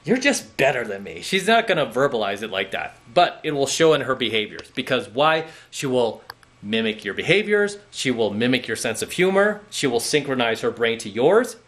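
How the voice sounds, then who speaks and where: A male dating coach delivers a blunt, lecturing monologue straight to the camera. His voice is bright and forceful, and he keeps punctuating his points with "okay?" and "right?". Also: medium pitch, big pitch swings, moderate pace.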